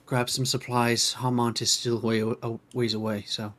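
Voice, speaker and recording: A man's voice: medium pitch, level tone, moderate pace, a bit bright. Casual man playing a tabletop game. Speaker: player.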